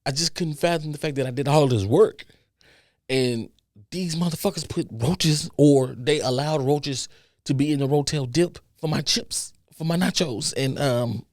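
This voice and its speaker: A man's voice: a little high, moderate pace, a little mellow, no room sound, studio quality. A man hosting a podcast, telling a story in casual chat that rambles and repeats, with stutters, restarts and free swearing. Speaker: podcast host.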